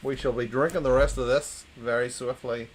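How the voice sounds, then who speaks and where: A man's voice: mid-range voice, steady tone, normal speed, a little hiss or hum, low-quality recording. A man hosting a casual livestream, reading groan-worthy jokes to his chat and repeating the punchlines when no one answers. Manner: wry, plays to a quiet chat, repeats punchlines. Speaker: livestream host.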